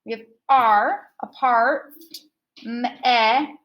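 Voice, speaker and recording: A woman's voice: high voice, measured pace, highs cut off. A woman teaching a recorded phonics lesson, patiently modeling sounds and asking the listener to repeat after her.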